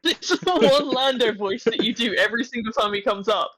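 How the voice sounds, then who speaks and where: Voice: medium pitch, brisk, a bit bright, no room sound, low-quality recording. A podcast co-host chatting casually and teasing the other host playfully. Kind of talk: casual chat.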